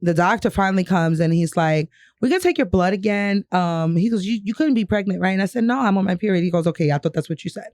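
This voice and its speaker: A woman's voice: mid-range voice, fast, a little mellow, no room sound, clean studio sound. A young woman from New York telling a personal story on a podcast, candid and profane, often laughing. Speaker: podcast co-host. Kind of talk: casual storytelling chat.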